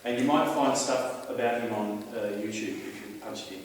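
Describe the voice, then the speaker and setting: This Australian man fields questions from a live audience, spinning emphatic, conspiratorial stories in a casual way. He has a brisk, mid-range voice. The sound comes from a distance in an echoey hall, with slight background noise.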